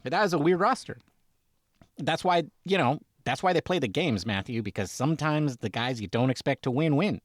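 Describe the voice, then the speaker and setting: A man's voice: fairly high pitch, expressive, normal speed, no room sound. A man co-hosting a comedic sports podcast, bantering with exasperated, rambling reactions. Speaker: podcast co-host.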